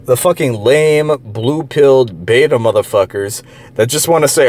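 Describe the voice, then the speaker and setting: A man's voice: medium pitch, lively intonation, moderate pace. A man ranting in a profane monologue, heated and derisive, rambling with many restarts and filler words. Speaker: online commentator.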